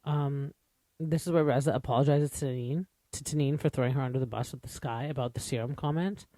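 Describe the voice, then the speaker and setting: A man's voice: medium pitch, fairly even intonation, brisk, mellow, no echo. A man hosting a podcast, giving a chatty, opinionated recap with lots of asides and fillers, English as his first language. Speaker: podcast host. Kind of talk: casual recap commentary.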